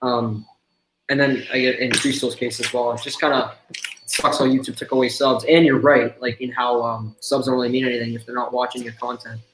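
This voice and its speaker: A man's voice: medium pitch, flat delivery, a little fast, fairly bright tone. A young man chatting casually on a stream, agreeable and full of fillers like "like" and "um". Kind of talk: casual chat. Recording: echoey room with audible noise.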